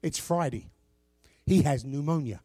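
A middle-aged man preaches in a high, ringing voice. He booms out scripture and then pulls back to low, talky asides to the congregation. The sound is close and dry, with no room echo. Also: measured pace, mellow, faint music behind. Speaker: pastor. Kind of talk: sermon.

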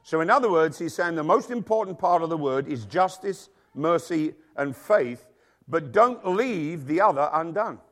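With a voice on the high side and lively intonation at a normal pace, this middle-aged pastor speaks from the pulpit to a church full of congregants and children. His sermon is emphatic and packed with rhetorical questions.

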